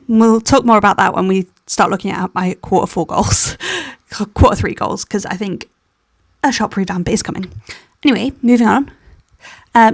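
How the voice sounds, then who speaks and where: A young woman talks in a tired, candid voiceover that wanders and restarts. Her voice has a gravelly, fry-edged texture. It is recorded close up in a dry space. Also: mid-range voice, no echo. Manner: candid, rambling with restarts and little laughs. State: tired, yawning. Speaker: planner vlogger. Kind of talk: personal voiceover chat.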